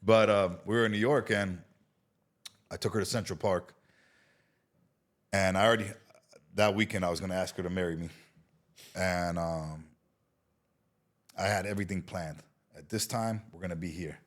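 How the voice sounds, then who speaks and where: A man's voice: sits low, normal speed, long pauses. A middle-aged man from Israel, a guest in a casual interview, telling a story with swearing and acted-out quotes. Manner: animated, swearing storyteller who acts out quotes.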